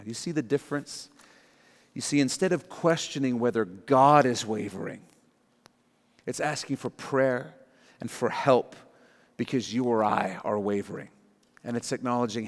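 A man preaching a sermon as a pastor, moving from emphatic points down to soft, prayerful quoted prayers. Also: medium pitch, moderate pace, long reverb tail.

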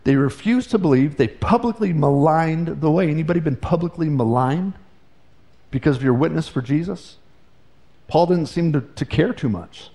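Mellow and on the high side, a man's voice carries a pastor's sermon, earnest and conversational in tone. He repeatedly begins his phrases again.

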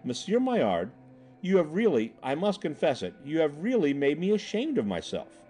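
Polite young storybook traveler, put on by a male reader, eager and earnest, higher voice. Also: huge pitch swings, normal speed, mellow.

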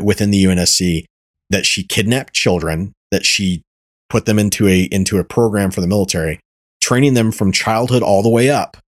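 A man's voice: deep voice, no echo, studio quality. A man hosting a podcast, explaining at length in a rambling casual way with many fillers. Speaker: podcast host. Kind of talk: casual chat.

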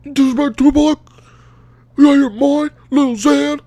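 Man putting on an incredulous young rap fan, outraged and loud, pitched way up. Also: fairly even intonation, moderate pace, no room sound.

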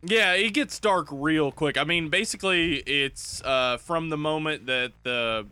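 A man's voice: fairly high pitch, sharp tone, clear, resonant tone, no room sound. A man co-hosting a podcast, bantering and joking in casual chat about movies. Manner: jokey, banter-driven, quick asides. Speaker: podcast co-host.

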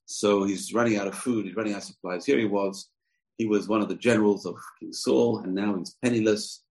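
Male scripture teacher with a deep voice, telling the story loosely and with animation, acting out the characters' lines. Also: fairly even intonation, fairly quick, vocal fry, a little mellow, low-quality recording. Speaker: religious teacher. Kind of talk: retelling a scripture story in a lesson.

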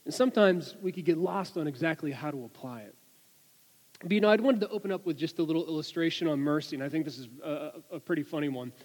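A man giving a sermon, telling an anecdote with lively delivery and many restarts and repeated words. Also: fairly high pitch, fast, in a large hall, low-quality recording. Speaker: preacher. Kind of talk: sermon with storytelling.

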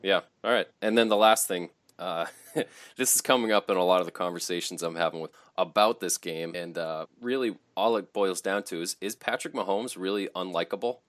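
A man co-hosting a casual sports podcast, animated and profane, who often laughs. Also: low-pitched, fairly quick, no room sound. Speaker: podcast co-host.

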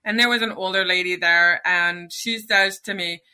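A woman with a strikingly bright, forceful voice tells her own story as a podcast guest. She is middle-aged and talks with earnest feeling, lingering on the moments that matter. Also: on the low side, steady tone, moderate pace, smooth. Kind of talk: personal storytelling.

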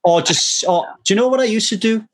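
A man talking candidly in a relaxed conversation, earnest and casually swearing, often restarting his sentences. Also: sits high, a little fast. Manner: acts out quoted speech animatedly.

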